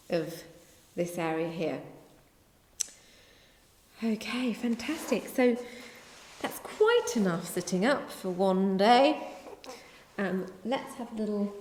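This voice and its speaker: A woman teaching a gentle beginner yoga class, giving chatty, rambling cues in an easygoing way. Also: medium pitch, a little hiss or hum. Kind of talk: guided yoga instruction. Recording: echoey room with long reverb.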